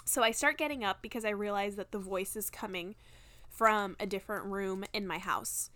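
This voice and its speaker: A young woman co-hosting a casual podcast, telling a ghost story from her childhood in a soft, chatty way. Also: medium pitch, normal speed. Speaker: podcast co-host.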